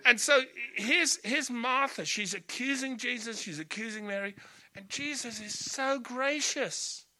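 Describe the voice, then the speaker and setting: A male preacher giving a lively storytelling sermon with humorous asides. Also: extremely high pitch, unhurried. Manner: animated, storytelling, laughing asides.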